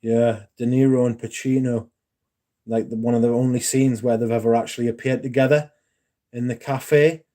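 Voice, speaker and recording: Chatty man, mellow voice. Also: medium pitch, flat delivery, moderate pace. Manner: chatty, swearing, rambling with asides to viewers. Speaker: livestream host. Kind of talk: casual chat.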